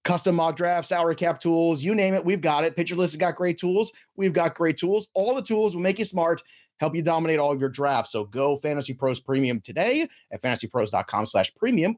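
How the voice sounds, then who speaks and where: A man hosting a fantasy baseball podcast, energetic and joking as he reads plugs and introduces guests. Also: fairly high pitch, fairly quick. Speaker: podcast host.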